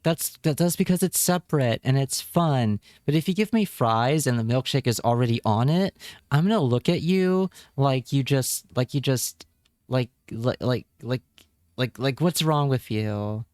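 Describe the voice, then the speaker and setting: A man's voice: mid-range voice, expressive, a little slow, dry recording, studio quality. A man streaming live, chatting casually with his viewers and reacting with wry remarks and repeated words.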